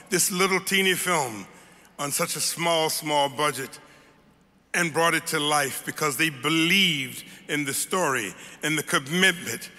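An older man delivers an acceptance speech from a stage microphone, slow and deliberate, his tone bright and open. His thanks build from heartfelt to emphatic, and the voice rings out into a large, echoing hall. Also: on the high side. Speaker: award winner. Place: awards ceremony hall. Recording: echoey hall.

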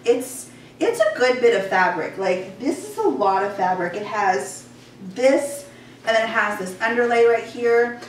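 A woman's voice: fairly high pitch, animated, unhurried. A young woman chats through a try-on haul, gushing and full of casual fillers. She sounds slightly out of breath. Her voice comes from a few steps back in a roomy, echoing bedroom with a faint hum behind. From Georgia, US Southern. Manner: chatty, gushing, many "like" fillers. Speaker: fashion vlogger. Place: warm bedroom at home. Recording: echoey room, voice a bit far off.

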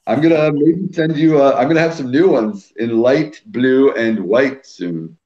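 A man's voice: medium pitch, a little slow, mellow, muffled recording. A man from Quebec hosting a casual live whisky stream, teasing his guest and calling out viewers in the chat. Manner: teasing, jokey, reads out viewer names.

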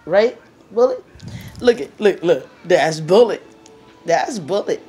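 A woman's voice: lowish voice, lively intonation, slow, dark tone, breathy edge, faint music behind. A woman filming her dogs at play, chatting casually, laughing, and cooing at them. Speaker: dog owner filming her pets. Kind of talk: casual home video commentary.

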